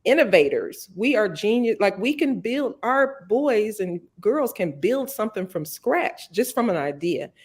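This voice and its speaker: A woman's voice: mid-range voice, sing-song, unhurried, few pauses, a little mellow, husky. A middle-aged woman, a marketing executive guest, speaking passionately and emphatically in an interview conversation.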